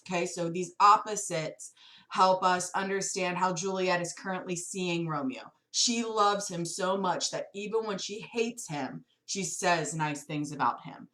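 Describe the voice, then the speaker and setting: Woman teacher breaking down a play for students, lower voice, easygoing. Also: measured pace, a bit bright. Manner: plain, conversational explaining.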